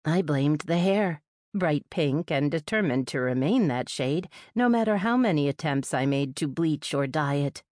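A woman's voice: low voice, lively intonation, unhurried, darkish tone, no room sound, clean studio sound. A woman reading a first-person urban fantasy audiobook in a wry, sardonic way. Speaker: audiobook narrator. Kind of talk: first-person fiction narration.

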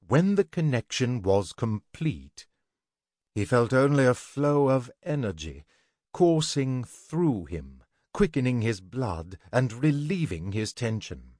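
A man narrating a scripted fantasy story in an even, deliberate way. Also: medium pitch, no room sound, studio quality.

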